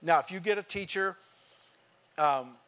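A man's voice: a little high, a little slow, a bit bright. A man preaching a sermon to a congregation, emphatic and asking rhetorical questions. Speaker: pastor.

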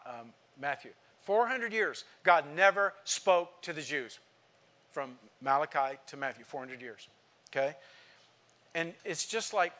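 A man's voice: on the high side, pushed and bright. A man preaching a sermon to a congregation, emphatic and asking rhetorical questions. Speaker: pastor.

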